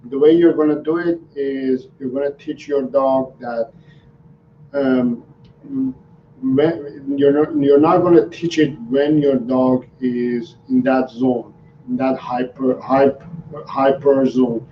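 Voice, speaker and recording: A man, a dog trainer, answering viewers' questions on a live stream in an unhurried, halting way with many ums and restarts. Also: medium pitch, fairly even intonation. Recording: roomy, distant, dull sound with faint noise.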